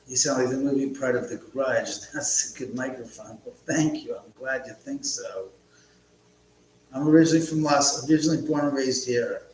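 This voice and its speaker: A man chats loosely on his own live stream at home, joking and reading viewers' comments. His voice bounces around a very echoey room. A faint electrical hum runs behind it. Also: mid-range voice. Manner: rambling, joking, reads chat aloud. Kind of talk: casual live stream chat.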